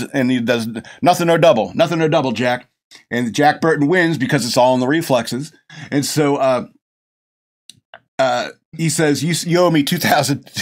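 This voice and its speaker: A middle-aged man hosting a show, rambling casually and chuckling often as he gushes about a film. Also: medium pitch. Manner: gushing, chuckling often, many restarts. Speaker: podcast host reviewing a film.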